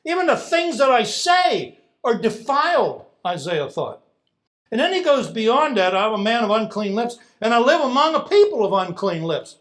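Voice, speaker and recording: A man preaching a sermon as pastor, animated, swinging from hushed lines to loud emphatic ones. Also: very high-pitched, normal speed.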